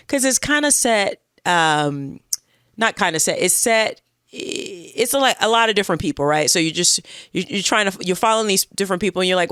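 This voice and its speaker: A woman co-hosting a comedy podcast, hoarse and croaky from a cold, chatting casually with self-deprecating, rambling asides. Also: medium pitch, lively intonation, normal speed, a bit bright, dry recording, studio quality. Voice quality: husky, croaky. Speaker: podcast co-host.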